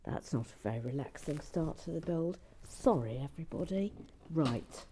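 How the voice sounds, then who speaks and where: A woman hosting a relaxed building vlog, chatty and playful, drifting into soft whispered asides. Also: low-pitched, normal speed, a little hiss or hum. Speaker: host of a brick-building channel.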